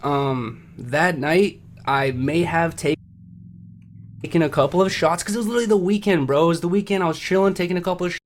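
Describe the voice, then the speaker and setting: A man on a livestream giving a nervous, halting apology, rambling and full of fillers. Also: a little high, a little hiss or hum. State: nervous, shaky. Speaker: streamer.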